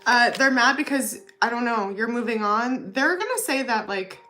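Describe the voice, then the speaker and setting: Chatty woman tarot reader, high voice. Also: lively intonation, moderate pace, sharp tone, soft background music. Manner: chatty, filler-heavy, says okay and you know often. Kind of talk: casual tarot reading to camera.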